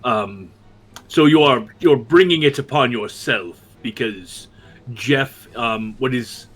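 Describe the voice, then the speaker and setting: A man playing a tabletop game, speaking hesitantly with many pauses and ums. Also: mid-range voice, a bit bright, slightly rough. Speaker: player.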